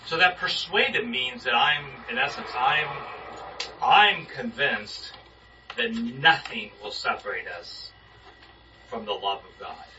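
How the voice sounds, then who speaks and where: A man's voice: mid-range voice, slow pace, bright, forceful tone, slight background noise. A man leading an informal sermon discussion with a small group, talking casually and putting questions to them. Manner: conversational, asks the group questions. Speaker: Bible study leader. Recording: muffled distant room recording.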